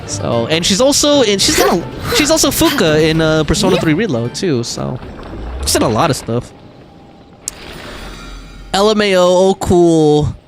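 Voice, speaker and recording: During a gaming livestream, a male streamer with a high, very lively voice chats casually and reads viewer messages out loud. He talks at a normal speed with frequent pauses, laughs often and fills his speech with fillers, while faint game music plays in the background.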